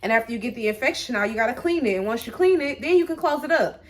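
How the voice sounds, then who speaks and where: A woman vlogger talking candidly to her viewers in a chatty, animated way, full of fillers and restarts. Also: on the high side, quick pace. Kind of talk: casual personal talk to camera.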